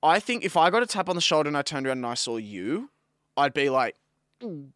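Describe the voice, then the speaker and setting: A man's voice: a little high, very animated, fast, fairly bright tone, smooth, dry recording, studio quality. A young Australian man co-hosting a podcast, telling stories in casual chat full of slang and fillers. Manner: laid-back storytelling with slang and fillers. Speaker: podcast co-host.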